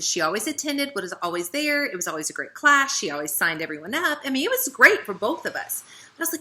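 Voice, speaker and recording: Southern lady team leader giving a pep talk, chatty, lots of "right?", real bright voice. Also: high-pitched, quick pace. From American South. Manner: chatty, animated, with frequent "right?" and "okay". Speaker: network marketing team leader.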